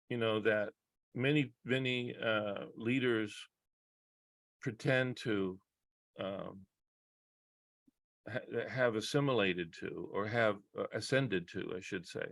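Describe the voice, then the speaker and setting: Slow, halting man with dry sound. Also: lowish voice, vocal fry, a bit bright, no echo. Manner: halting, many restarts and pauses, earnest. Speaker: psychologist guest. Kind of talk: reflective conversation.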